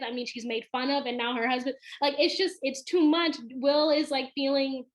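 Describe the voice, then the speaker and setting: A woman's voice: high voice, fairly even intonation, normal speed, few pauses. A woman co-hosting a casual chat show who speaks earnestly, leads the topics, and often trails off and restarts. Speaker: podcast co-host.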